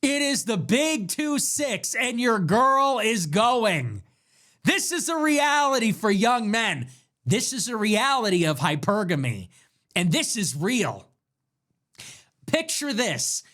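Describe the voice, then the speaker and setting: A man delivering a casual commentary monologue, mocking and ranting, shifting between deadpan asides and near-yelled punchlines. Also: sits high, slow pace. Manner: animated, mocking, ranting, swings from deadpan to yelling. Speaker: online commentator.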